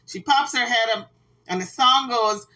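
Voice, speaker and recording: A woman's voice: fairly high pitch, a little slow, bright, forceful tone, low-quality recording. A woman vlogger giving casual gossip commentary, dramatic and playful, with sassy asides.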